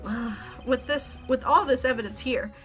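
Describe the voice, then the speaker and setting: A woman's voice: high voice, normal speed, fairly bright tone, faint music behind. A woman voicing a nervous young male defense lawyer, reading game dialogue aloud with hesitant, stumbling lines. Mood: unsure.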